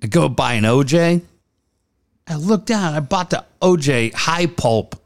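A man's voice: fairly high pitch, a little slow. A man co-hosting a casual podcast, swearing a lot as he tells stories. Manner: profane, animated storytelling. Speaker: co-host.

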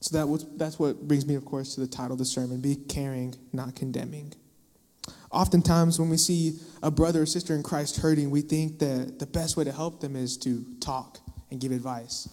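A young man preaching a casual sermon into a microphone, dropping into acted-out quotes and sudden loud bursts for emphasis. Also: a little high, steady tone, moderate pace. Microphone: microphone in a hall. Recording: long hall reverb.

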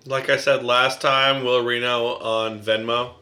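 A man's voice: medium pitch, level tone, a little slow, sharp tone. A man who is a drummer, chatting as a guest on a podcast, joking around and bursting into laughter. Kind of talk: casual podcast chat.

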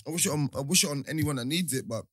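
A man's voice: on the high side, animated, racing, fairly bright tone, husky, dry recording, studio quality. A man talking animatedly in casual chat, full of slang and repeating himself.

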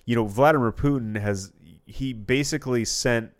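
A man's voice: medium pitch, moderate pace, no echo, studio quality. A man co-hosting a podcast in casual chat, rambling with restarts and swearing freely. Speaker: podcast co-host.

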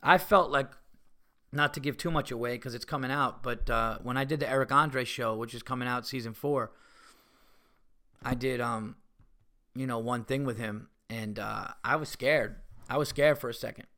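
A man hosting a podcast, telling rambling stories in casual chat. He swears often and gets loud and excitable. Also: mid-range voice, moderate pace. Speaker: podcast host and comedian. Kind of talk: casual storytelling monologue.

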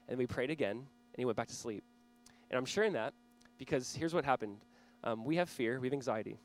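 A man's voice: mid-range voice, brisk, faint music behind. A man in his thirties preaching a sermon as pastor, conversational and earnest, with small laughs and restarts.

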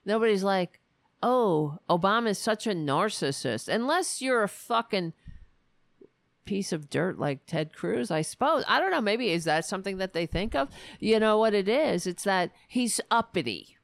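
A woman's voice: mid-range voice, very animated, normal speed, vocal fry, no room sound. A woman hosting a political commentary show, ranting in a sarcastic, profane, exasperated way.

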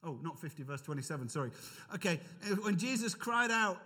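A man preaching in a church, his voice sitting a little high for a man. He builds his points with rising emphasis and breaks off for easy asides to the congregation. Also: expressive, brisk, sharp tone, husky. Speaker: pastor. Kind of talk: sermon.

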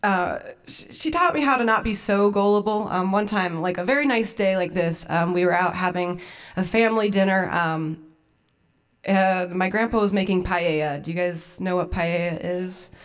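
A woman's voice: on the low side, moderate pace, clean tone. A woman in her twenties hosting a storytelling night, telling a personal story in a casual, self-deprecating way with frequent laughs.

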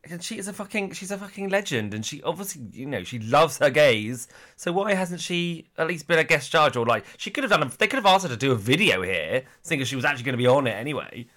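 A man's voice: fairly high pitch, big pitch swings, fast talker, fairly bright tone. A man co-hosting a podcast in casual chat, playful and crude, laughing a lot. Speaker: podcast co-host.

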